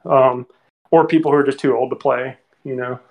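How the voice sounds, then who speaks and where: A man in casual podcast chat about films, animated and quoting scenes. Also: medium pitch, normal speed, gravelly, muffled recording. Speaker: podcast panelist.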